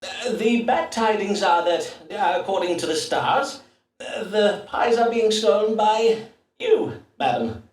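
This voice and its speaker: An actor voicing an Elizabethan astrologer-doctor who speaks in measured, formal old-fashioned phrases with hesitant fillers, in a game. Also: male voice, high voice, expressive. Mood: awkward. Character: Elizabethan astrologer-doctor, pompous yet awkward. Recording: distant roomy game audio.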